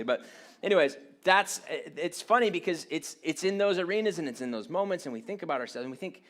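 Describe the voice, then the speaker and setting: A man's voice: fairly high pitch, expressive, quick pace, a bit bright. Self-deprecating man telling a sermon story. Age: 30s. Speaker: pastor.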